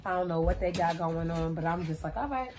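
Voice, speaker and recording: A woman in her thirties telling a story to camera in a casual, slangy, animated way, acting out the people she describes. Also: lowish voice, brisk. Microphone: camera on a tripod.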